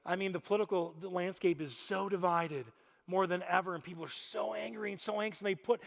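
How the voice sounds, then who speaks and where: A man in his thirties preaching a sermon, telling stories in an animated, self-deprecating way with frequent laughter. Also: sits high, fast talker, gravelly. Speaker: pastor. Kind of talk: storytelling sermon. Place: church sanctuary. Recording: reverberant church hall.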